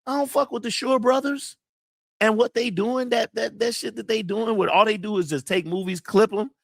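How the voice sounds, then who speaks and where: A channel host vents to camera on a casual livestream, blunt, profane and emotional, near tears as he reads out chat messages. His high voice has vocal fry and a moderate pace, and the studio sound is clean with no room sound.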